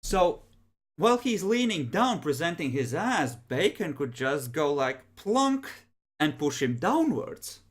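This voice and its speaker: A man's voice: fairly high pitch, sing-song, slow pace, husky. A man playing a tabletop game, joking and arguing tactics with the group. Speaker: player.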